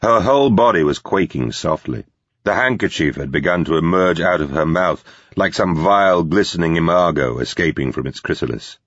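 A man narrating a thriller audiobook in a measured, grave way. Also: low-pitched, lively intonation, fairly bright tone, no room sound. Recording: dull, slightly lo-fi recording.

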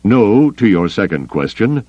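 A man voicing a cold, calculating grand admiral who speaks in a measured, controlled way. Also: on the low side, very animated, dark tone, no room sound, highs cut off, voice pushed up. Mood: coolly commanding.

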